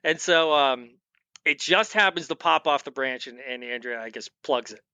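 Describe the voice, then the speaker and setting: Forceful man telling a rambling hunting tale. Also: mid-range voice, moderate pace, clear, resonant tone, no room sound. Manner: rambling, animated anecdote with acted-out quotes. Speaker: guest, firearms expert and veteran. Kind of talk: casual storytelling on a podcast.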